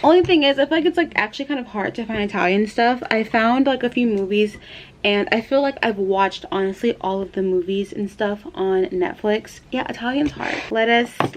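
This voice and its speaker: A young woman in her twenties vlogging casually to camera at home. She is chatty and giggly and fills her talk with "like". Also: mid-range voice. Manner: chatty and giggly, full of "like" fillers.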